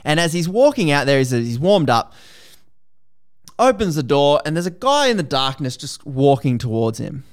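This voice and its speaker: An Australian man hosting a podcast, retelling a story in a casual, lively, slangy way. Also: on the high side, normal speed, clear, resonant tone. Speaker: podcast host.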